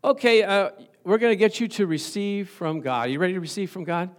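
Emphatic preaching man, slightly high voice. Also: fairly quick. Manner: emphatic, repeats phrases for stress; chuckles at his own stories. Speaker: pastor. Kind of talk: sermon.

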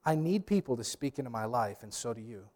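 A man's voice: medium pitch, expressive, fairly quick, darkish tone. A man preaching a sermon as pastor. He speaks emphatically, addresses the congregation directly and drops in humorous storytelling asides.

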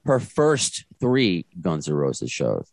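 Low-voiced chatty male podcast host. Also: huge pitch swings, takes it slowly, gravelly, darkish tone, no echo. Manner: chatty, rambling with restarts. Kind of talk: casual chat. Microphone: video call.

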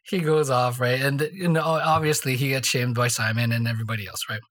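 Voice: medium pitch, steady tone, a little fast, fairly bright tone. Chatty co-host storyteller, mid-range voice, rambling, lots of "right?". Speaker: podcast co-host. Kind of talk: casual faith discussion.

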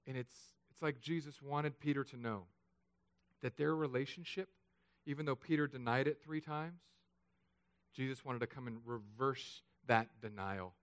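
A man preaching a sermon, telling stories with jokes and playful asides that turn hushed and solemn. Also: mid-range voice, moderate pace. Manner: animated, joking storytelling with hushed, solemn turns. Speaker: pastor.

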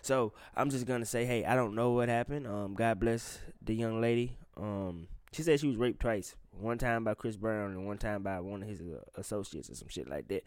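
A man's voice: fairly low pitch, moderate pace, few pauses, clean tone, no room sound. A man hosting a podcast in casual chat, blunt and profane, talking straight to his listeners. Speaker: podcast host.

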